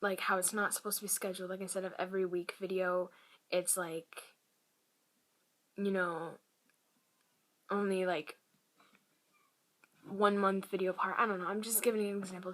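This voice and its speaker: With lots of fillers and restarted sentences, a woman recounts something personal to the camera for her vlog. Her voice is mid-range, and she talks in a hushed, stop-start way, often dropping to a whisper.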